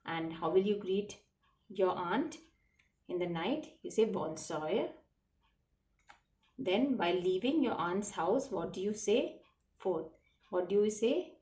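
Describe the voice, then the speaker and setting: Slow, patient woman teaching a lesson. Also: mid-range voice, expressive, a little mellow, distant mic. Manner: patient, repeats and spells words letter by letter. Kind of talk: slow classroom lesson explaining French words. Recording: roomy echo, voice from away from the mic.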